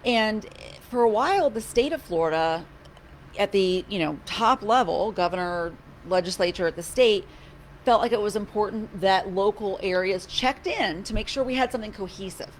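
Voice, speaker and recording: A county commissioner holds office hours from her office, chatting casually in a loose, animated way. She often restarts sentences and lets a wry, slightly sarcastic edge slip through. Her voice is medium-pitched at a moderate pace, over a faint hum of noise.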